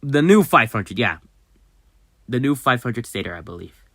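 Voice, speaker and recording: A channel host giving casual commentary at a desk microphone while browsing, often mumbling half-words and fillers under the breath, then breaking into sudden loud excited outbursts. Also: mid-range voice, normal speed, dry recording, studio quality. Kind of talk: casual screen-recorded commentary.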